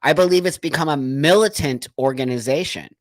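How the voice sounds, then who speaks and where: A man's voice: a little high, a little fast, dry recording. A man hosting a livestream, talking in an earnest, emotional monologue full of repeated rhetorical questions. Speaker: livestream host.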